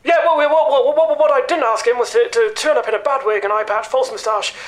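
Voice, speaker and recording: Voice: sits high, fast talker, lightly acted. A performer playing an irate male stage hypnotist who stammers, swears and gets flustered in a scripted comedy sketch. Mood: indignant.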